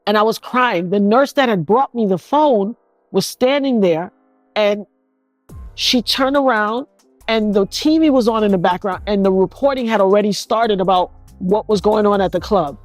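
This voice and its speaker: A middle-aged woman from New York City recounting being shot, in an animated, emotional storytelling manner full of restarts. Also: mid-range voice, normal speed, no echo, soft background music. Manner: animated, acts out others' voices, frequent restarts. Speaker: interviewee recounting a shooting.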